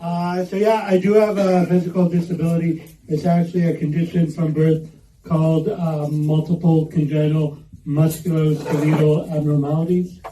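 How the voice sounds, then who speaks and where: A man's voice: fairly high pitch, little pitch movement, moderate pace, dark tone, a little hiss or hum. Dry self-deprecating male comic. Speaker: comedian. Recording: roomy, distant mic.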